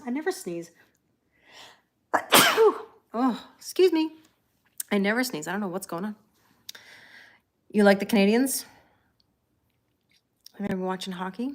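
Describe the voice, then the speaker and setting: A woman hosting a tarot livestream in a calm, chatty way, reading viewer comments aloud and thanking people by name. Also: mid-range voice. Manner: calm and relaxed. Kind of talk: casual livestream chat.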